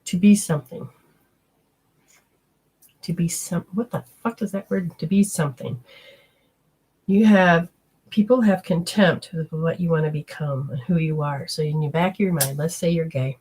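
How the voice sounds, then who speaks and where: Husky and on the low side with a darkish tone, this psychic medium host speaks bluntly and casually. She delivers spirit messages in rapid, broken-up bursts and curses without restraint.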